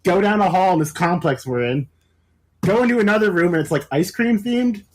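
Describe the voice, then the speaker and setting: A man's voice: sits high, expressive, a little fast. A man in casual podcast chat, animatedly telling a story, laughing often and swearing a lot. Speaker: podcast co-host.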